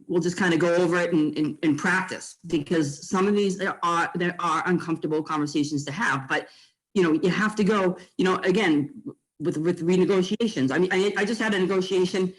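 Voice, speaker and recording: Brief: mid-pitched, animated agent, blunt and casual, lots of fillers. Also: low-quality recording. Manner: blunt and animated, with frequent fillers and mild swearing. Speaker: real estate agent. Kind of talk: casual training talk to fellow agents.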